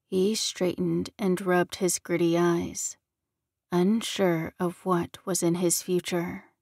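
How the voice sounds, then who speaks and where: A woman reading an audiobook in even, unhurried scripted narration. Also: fairly low pitch, no echo, clean studio sound.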